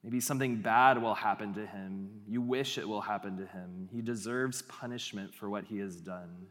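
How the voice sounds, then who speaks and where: A man voicing a sly male tempter that speaks in a hushed, slow, wheedling way, with a long hall echo. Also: lowish voice, pitched below the performer's own voice, close to an everyday voice. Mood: bitter.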